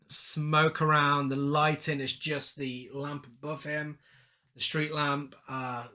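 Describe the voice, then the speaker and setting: A man with a bright, slightly high voice co-hosts a casual film podcast. He recaps the story scene by scene and drops in laughing side comments as he goes. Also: level tone, takes it slowly. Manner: recaps the plot, then breaks into laughing asides. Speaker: podcast co-host.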